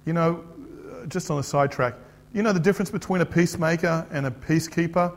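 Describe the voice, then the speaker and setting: Middle-aged Aussie pastor, somewhat higher voice, casual joking preacher who quizzes the room. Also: male voice, fast, big-room sound. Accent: Australian. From Australia. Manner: chatty, joking, asks the audience questions. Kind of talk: conversational sermon.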